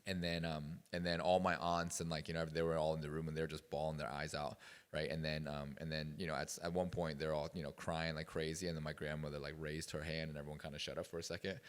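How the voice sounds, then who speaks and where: Speaking fast and smoothly, this very deep-voiced man keeps his pitch fairly level while a long reverb tail trails his words. He's a guest at a youth retreat, casually rambling through stories for the group in the meeting room, full of fillers.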